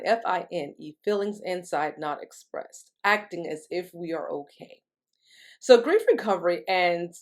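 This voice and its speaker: A woman, a grief recovery specialist, explaining step by step in an educational monologue and often asking "right?" to check in with the listener. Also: on the low side. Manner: acts out quoted speech in a livelier voice.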